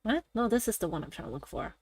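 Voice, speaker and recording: A woman streamer chatting casually during a game, rambling and animated, laughing often and swearing freely. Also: medium pitch, fast, dry recording. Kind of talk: casual gaming-stream chat.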